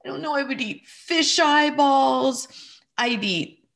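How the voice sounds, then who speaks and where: Woman putting on a high, whimpering young boy, tearful, pleading, repeats himself. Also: takes it slowly, gravelly, fairly bright tone, heavily acted.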